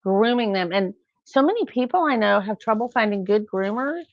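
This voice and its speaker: A woman's voice: medium pitch, animated, moderate pace, no echo, dull audio. A middle-aged woman chatting casually on a live stream, rambling through stories. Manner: chatty, rambling, acts out quotes with laughs.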